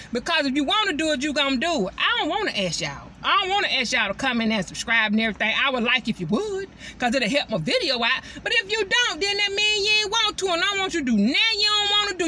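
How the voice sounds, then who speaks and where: A woman and mother chatting casually to her viewers from inside her truck, animated and constantly addressing them directly. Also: very high-pitched, a little hiss or hum. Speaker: vlogger and mother.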